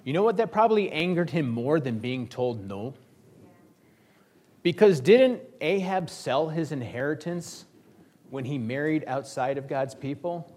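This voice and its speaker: A male pastor delivering a sermon in a loose, conversational way, joking with the congregation as he retells the story. His voice sits somewhat high for a man. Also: expressive, unhurried, darkish tone.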